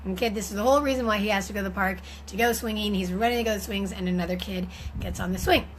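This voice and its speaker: A woman's voice: medium pitch, racing, a little hiss or hum, rough recording. A woman giving an informal teaching talk on parenting, speaking conversationally with frequent fillers and restarts.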